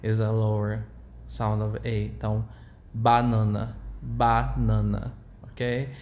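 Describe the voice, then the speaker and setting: A Portuguese-speaking man with a Brazilian accent, informally explaining his language's vowels to a learner in halting English with many fillers. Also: fairly low pitch, monotone, warm tone, slight background noise. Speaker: language tutor.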